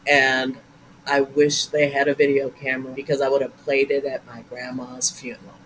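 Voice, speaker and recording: Older woman, improviser guest, bright and forceful tone, lively and profane. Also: extremely low pitch, normal speed, a little hiss or hum, low-quality recording. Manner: animated, swears freely. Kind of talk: casual storytelling interview.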